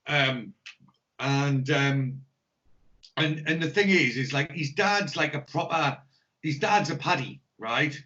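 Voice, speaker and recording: An English man rambles and jokes his way through a podcast chat. His voice sits a little high and he swears freely. The audio is dull and lo-fi. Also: slow, sharp tone. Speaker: podcast co-host. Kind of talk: casual chat.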